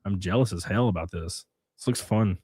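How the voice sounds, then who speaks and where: A man's voice: low voice, brisk, a little mellow, breathy edge, no echo. Sick man hosting a crude livestream. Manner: crude, loose and profane. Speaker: livestream host. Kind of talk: casual chat reacting to videos.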